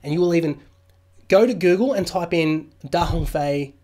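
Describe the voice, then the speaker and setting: A warm, somewhat high voice at normal speed belongs to an Australian man running a laid-back crypto livestream. Using a new studio mic, he reads news out loud and jokes around with viewers in a chatty way.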